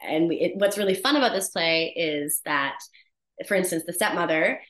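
A woman actor chatting as an interview guest, animated and laughing often as she tells stories about her work. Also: fairly low pitch, moderate pace, reverberant. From Canada. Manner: animated storyteller, laughs often, many restarts. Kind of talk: casual interview chat.

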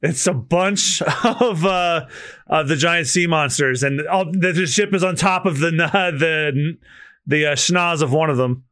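A man co-hosting a podcast, chatting excitedly and laughing as he reads a manga aloud. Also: a little high, a little slow, dry recording, clean studio sound. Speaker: podcast co-host. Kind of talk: casual chat, reading manga aloud.

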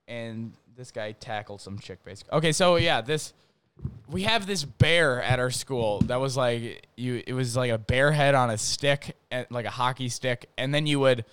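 Smooth-voiced young man telling stories. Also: medium pitch, a bit bright, dry recording. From North Dakota. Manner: rambling, profane, lots of fillers and restarts. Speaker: podcast host. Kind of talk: casual storytelling monologue.

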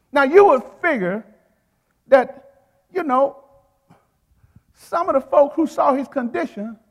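A man's voice: extremely high pitch, in a large hall. A male preacher delivering a sermon in a rhythmic, repeating style. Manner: rhythmic, repeats phrases, calls to the congregation.

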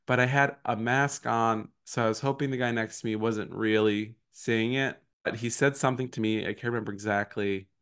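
A man's voice: fairly low pitch, steady tone, fairly quick, hardly any pauses, a bit bright, clean tone. A man co-hosting a podcast in casual chat, self-deprecating and laughing often. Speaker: podcast co-host.

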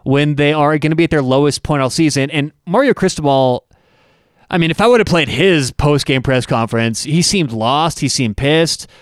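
Clear-voiced co-host citing football stats. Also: male voice, fairly high pitch, moderate pace, dry recording, studio quality. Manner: jokey, cites stats, trades puns. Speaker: podcast co-host. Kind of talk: casual sports betting chat.

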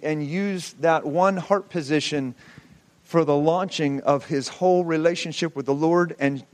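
High-voiced man preaching a testimony. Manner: impassioned storytelling, rhetorical questions. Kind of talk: personal testimony in a sermon.

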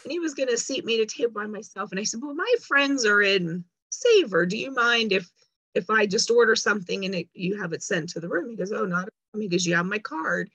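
A woman's voice: medium pitch, lively intonation, fast, a bit bright, breathy edge, no echo, lo-fi sound. A woman telling a long story in casual chat, acting out the lines of people she quotes. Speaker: guest.

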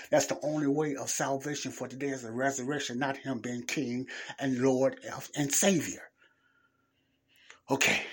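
A man's voice: mid-range voice, slightly rough. A man preaching in an informal podcast monologue, earnest and emphatic, repeating key phrases for stress.

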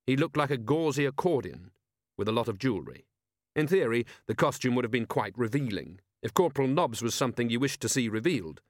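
Male audiobook narrator, measured and even, dry studio. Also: mid-range voice, no room sound.

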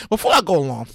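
A man hosting his own podcast solo, talking straight to his listeners in a casual, profane style with sudden loud outbursts. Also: sits high, vocal fry, dry recording. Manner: addresses listeners directly. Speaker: podcast host.

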